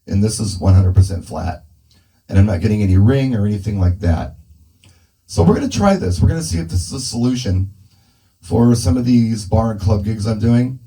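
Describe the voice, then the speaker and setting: Man, casual gear-demo talker, low dark tone, handheld mic through a speaker. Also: animated, moderate pace, poor audio. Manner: thinking aloud while adjusting settings. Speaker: mobile DJ testing gear. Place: indoor room with a speaker. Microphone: handheld dynamic mic through a PA speaker.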